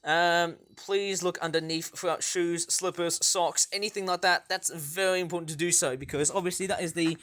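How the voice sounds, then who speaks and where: A man chatting excitably in a rambling casual vlog, full of fillers and restarts. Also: a little high, moderate pace, hardly any pauses. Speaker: vlogger.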